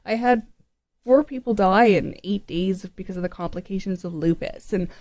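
An animated Canadian woman talking on a Skype call, quick to laugh and restart her sentences as she tells stories. Her voice sits at an ordinary middle pitch and sounds dry and close, with no room around it. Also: no echo. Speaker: podcast guest. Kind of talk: casual conversation.

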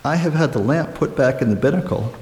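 A gruff, plain-spoken fisherman with a blunt, rough way of putting things, as a male reader plays him, a little higher than the narrating voice. It rings through an echoey room with a long tail of reverb and a faint hiss. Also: a little fast, lightly acted. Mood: urgent.

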